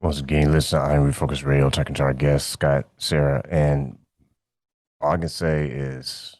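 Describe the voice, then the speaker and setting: A male radio host with an extremely deep voice. He speaks in a flat, even tone and hesitates as he searches for his words. The sound is dry and close. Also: normal speed, no room sound. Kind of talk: radio interview.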